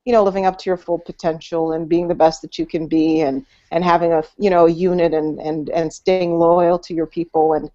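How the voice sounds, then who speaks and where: A woman's voice: fairly low pitch, flat delivery, a little fast, hardly any pauses, mellow. A woman co-hosting a casual movie podcast, rambling with many fillers and restarts over a video call. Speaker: podcast co-host. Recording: dull lo-fi audio.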